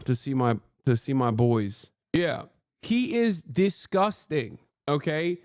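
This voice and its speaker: A man in his thirties doing casual livestream commentary from home, profane, excitable and mocking as he rants about the news. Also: fairly high pitch, dry recording, clean studio sound. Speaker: streamer reacting to news. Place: home streaming room.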